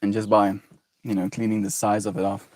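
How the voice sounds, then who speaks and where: A man streaming live, chatting casually in a soft, rambling, musing way. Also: lowish voice, little pitch movement, a little fast, no room sound, far from the mic.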